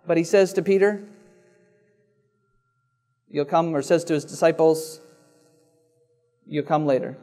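A man preaching a sermon, reading scripture and then expounding it slowly and deliberately, repeating key phrases. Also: fairly high pitch, dark tone. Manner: slow, deliberate preaching with dramatic pauses and repetition.

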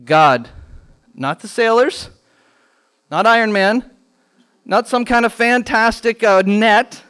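A man teaching a children's Bible lesson in a church classroom, animated and quizzing the class with questions. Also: high-pitched, slow, smooth.

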